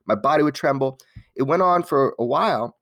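A man from Los Angeles, telling his life story as an interview guest in a candid, animated way, with many restarts and some casual swearing. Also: mid-range voice, a little fast, dry recording, clean studio sound.

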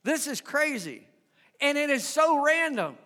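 Pastor, male, high animated voice, unhurried delivery, long church-hall reverb. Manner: animated, conversational preaching that asks the congregation questions. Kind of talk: sermon. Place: church sanctuary.

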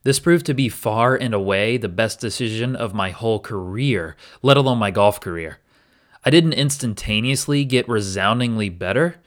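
A man's voice: on the low side, a bit bright. A man hosting a podcast, earnestly and candidly recounting his own experience in a reflective solo episode. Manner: earnest and candid, with occasional restarts. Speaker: podcast host.

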